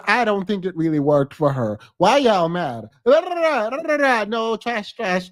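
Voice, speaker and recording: A man's voice: high-pitched, big pitch swings, slow. A man giving blunt, emphatic reaction commentary on a podcast clip as a streamer.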